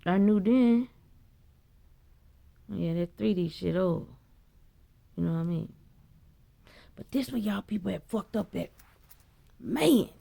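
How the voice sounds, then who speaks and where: Slow, gravelly-voiced woman telling a story. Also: dark tone. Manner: profane, blunt, chatty; jumps high when quoting herself. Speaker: vlogger. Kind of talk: casual spiritual storytelling monologue.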